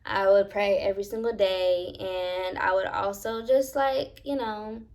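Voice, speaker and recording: A young woman vlogger narrating a personal paranormal story in a dramatic, animated way, talking straight to her viewers and swearing freely. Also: mid-range voice, unhurried.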